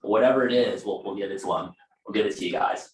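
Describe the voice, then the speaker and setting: A man's voice: on the low side, fast talker, reverberant, poor audio. A man running a casual real estate training session for a small group, talking conversationally with fillers and asides.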